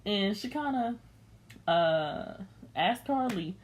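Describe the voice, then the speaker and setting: A woman's voice: medium pitch, lively intonation, moderate pace. A young woman recapping a reality show in blunt, slangy, sassy chat, unscripted.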